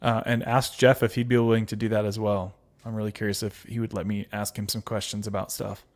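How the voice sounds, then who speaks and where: A man's voice: fairly low pitch, flat delivery, a little fast. A man hosting a casual livestream, reading viewer comments aloud and answering them with fillers and laughs. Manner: chatty with frequent fillers and laughs. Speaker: livestream host.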